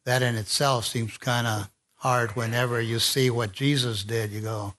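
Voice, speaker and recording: A man's voice: medium pitch, steady tone, normal speed, fairly bright tone. A man preaching a conversational sermon and speaking informally, with fillers and restarts.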